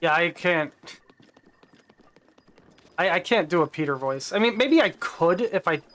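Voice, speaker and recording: A man's voice: high-pitched, expressive, unhurried, fairly bright tone. A man chatting casually while streaming a video game, rambling and correcting himself as he plays. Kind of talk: casual live-stream commentary.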